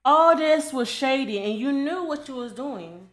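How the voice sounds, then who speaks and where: Young woman ranting, high voice, blunt and sweary, keeps repeating herself. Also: animated, a little slow, a bit bright. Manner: blunt, repetitive, profane scolding. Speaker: commentary creator. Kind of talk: casual commentary rant.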